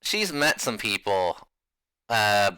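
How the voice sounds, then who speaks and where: A man running a tabletop game, chatty and quick to laugh. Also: fairly low pitch, clean tone, dry recording. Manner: laughs often, relaxed and chatty. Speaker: game master.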